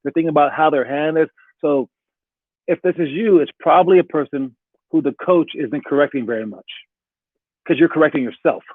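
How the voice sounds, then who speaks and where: A basketball coach talking casually to his players and viewers, often acting out quick back-and-forth quotes. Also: on the high side, husky, dry recording. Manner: conversational, acts out quick quoted exchanges. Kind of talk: casual talking-head advice video. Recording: tinny phone-like dry sound.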